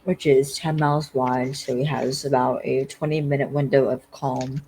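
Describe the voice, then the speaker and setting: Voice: medium pitch, little pitch movement, moderate pace, mellow, slight background noise, low-quality recording. A podcast co-host casually retells a TV episode scene by scene, leaning heavily on "like" as a filler. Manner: rambling retelling full of "like" fillers. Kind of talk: casual TV episode recap chat.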